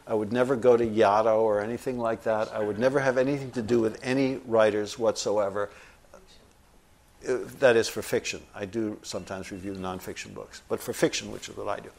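A middle-aged man, a novelist, telling an animated story in conversation and acting out what people said. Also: on the low side, fairly quick, vocal fry. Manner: animated anecdotal storytelling, acts out quoted voices. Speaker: novelist guest.

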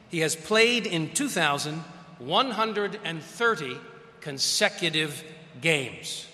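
A man giving a public lecture as guest speaker, telling stories with quick asides. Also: high-pitched, pushed and bright, in a large hall.

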